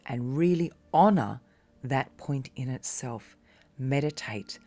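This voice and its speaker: A woman's voice: extremely low pitch, expressive, a little slow, mellow, soft background music. A woman teaching about coping with crisis in a casual, encouraging talk, speaking straight to the listener and sometimes dropping to a whisper. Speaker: meditation teacher.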